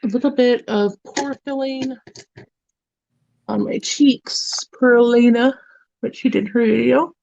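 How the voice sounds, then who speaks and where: A woman's voice: fairly high pitch, steady tone, slow pace, vocal fry, long pauses, darkish tone, no room sound. Blunt, swearing woman on dull lo-fi audio. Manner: casual, blunt, swears freely. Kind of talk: casual chat while doing makeup. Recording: dull lo-fi, dry sound.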